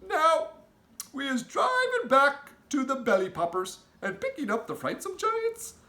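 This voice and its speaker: Big friendly old giant, squeaky high and bright, talks in broken grammar, echoey room. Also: male voice, very animated, unhurried, full character voice. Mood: whimsical. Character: huge kindly old male giant, odd grammar.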